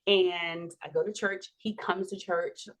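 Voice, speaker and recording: Lively lady in her 40s telling her story on a podcast, acts out what folks said, laughs a lot. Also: on the low side, a little slow. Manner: animated, laughing, acts out quoted dialogue. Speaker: podcast guest. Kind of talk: personal storytelling in an interview.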